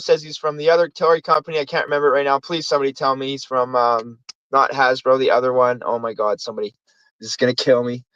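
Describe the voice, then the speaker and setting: A man's voice: a little high, pushed and bright, no echo, muffled recording. A man hosting a casual movie review show, rambling through plots and acting out lines from the films. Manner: rambling, acts out movie quotes. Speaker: host.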